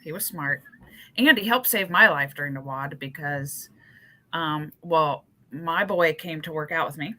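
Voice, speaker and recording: A woman in her forties co-hosting a podcast, telling stories in a lively, teasing way. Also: deep voice, measured pace. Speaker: podcast co-host. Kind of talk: casual chat.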